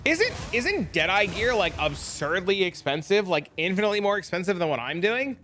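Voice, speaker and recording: A man streaming a game, chatting casually, excitable and swearing often as he thanks his viewers. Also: high-pitched, moderate pace, slight background noise. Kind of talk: casual live-stream chat.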